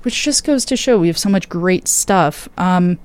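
A woman's voice: fairly low pitch, expressive, unhurried, darkish tone, smooth, no room sound. A tired young woman DJ chatting casually on air between records, rambling and interrupting herself. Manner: rambling, self-interrupting, with many fillers. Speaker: radio DJ.

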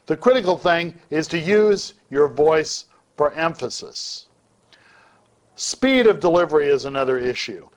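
A man with a slightly raised voice delivers a lecture on public speaking. He speaks deliberately and changes his volume and pace on purpose to demonstrate each technique. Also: a little high.

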